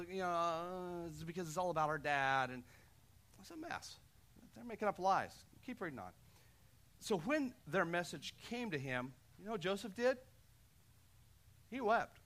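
A male pastor delivering a sermon with a high, ringing voice. He preaches with passion, punching key lines loudly and then dropping to soft, intimate asides. His tone stays bright and forceful throughout. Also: lively intonation, moderate pace, pauses often. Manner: impassioned preaching, swinging between loud emphasis and quiet asides.

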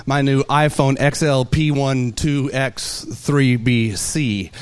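A man preaching a sermon, animated and playful, telling everyday stories with lively asides. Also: mid-range voice, takes it slowly, clear, resonant tone. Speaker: pastor.

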